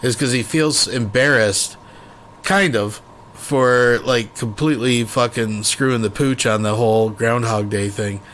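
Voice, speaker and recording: A man's voice: mid-range voice, a little slow, fairly bright tone, a little hiss or hum. A man hosting a commentary stream, mocking a played clip in a sarcastic, profane way. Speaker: reaction commentary host.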